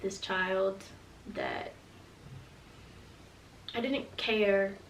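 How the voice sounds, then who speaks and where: A woman's voice: mid-range voice, wildly swooping pitch, extremely slow, roomy sound, recorded from a distance, slight background noise, rough recording. A woman in her twenties telling her pregnancy story in a casual storytime vlog, earnest and reflective as she speaks openly about hard times. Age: 20s.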